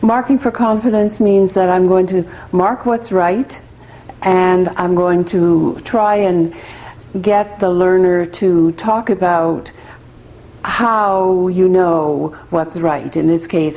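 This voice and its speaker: Woman tutor, low mellow voice, patient, encouraging instructional delivery. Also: rough recording. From Canada. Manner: patient, encouraging, acts out tutor and learner exchanges. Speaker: literacy tutor. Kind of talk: instructional demonstration.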